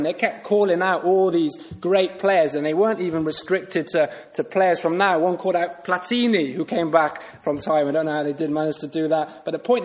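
Earnest preacher, slightly high voice. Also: male voice. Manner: earnest, with rhetorical questions to the congregation. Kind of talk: sermon.

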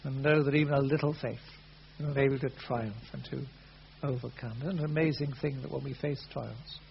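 A man's voice: mid-range voice, steady tone, a little fast, gravelly. Earnest preacher man, lo-fi hum. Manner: earnest, swells loud then drops to soft. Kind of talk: sermon. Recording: dull lo-fi sound with faint hum.

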